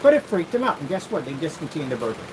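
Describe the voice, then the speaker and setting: A man rambling through a casual vlog while testing projection screen paint, animated, jokey and full of tangents. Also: fairly high pitch, racing, background noise.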